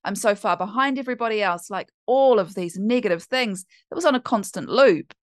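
A woman's voice: mid-range voice, brisk, no room sound, studio quality. A woman hosting a podcast as a coach, talking in a candid, chatty way and swearing now and then. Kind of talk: casual podcast monologue.

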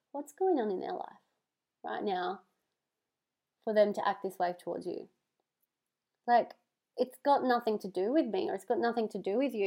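A woman podcast host with a slightly high, slightly mellow voice delivers a casual motivational monologue to her listeners. She speaks earnestly and from the heart, as if with a hand on her heart, swearing for emphasis.

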